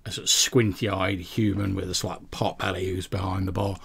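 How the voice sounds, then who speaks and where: Brief: male game master, low gravelly voice, rambling narration. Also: flat delivery, moderate pace, a bit bright.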